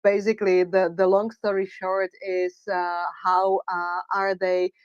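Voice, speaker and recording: A woman hosting a live online audio chat, talking haltingly with many filler sounds and growing excited. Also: mid-range voice, dry recording, muffled recording. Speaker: host.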